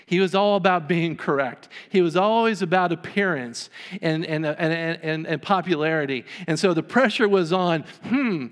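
A pastor preaches at normal speed, his clean-toned voice sitting a bit high for a man. He retells a story and acts out its characters, while a long reverb rings through the church.

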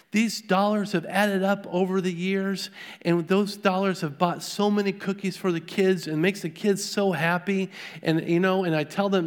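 A man's voice: high-pitched, steady tone, moderate pace, smooth. A middle-aged man preaching a sermon, a pastor telling personal stories in a conversational way with restarts and rhetorical questions.

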